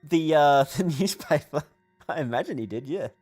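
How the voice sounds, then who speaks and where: A man's voice: a little high, lively intonation, moderate pace, a little mellow, breathy edge, soft background music. A tired man hosting a livestream, reading chat questions aloud. He rambles, swears casually and laughs often, and his voice is wearing thin. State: tired, voice weakening. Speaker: livestream host answering chat.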